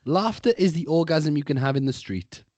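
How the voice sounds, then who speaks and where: A man's voice: on the high side, lively intonation, normal speed, darkish tone. A man co-hosting a casual podcast chat, talking emphatically and profanely about staying positive. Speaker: podcast co-host.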